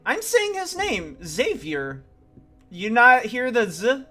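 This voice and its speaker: A man's voice: very high-pitched, wildly swooping pitch, measured pace, sharp tone, soft background music. A man streaming a game, thinking aloud in a chatty, self-deprecating way. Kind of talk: casual let's-play commentary.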